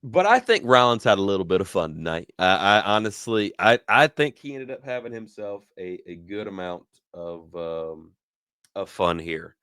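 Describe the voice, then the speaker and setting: A man hosts a casual wrestling review, telling each segment as an animated story and doubling back on his words. His voice is bright and smooth. The sound is dry and close. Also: fairly low pitch, moderate pace, no echo. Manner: animated storyteller who acts out quotes, laughs often; repeats words and restarts mid-sentence.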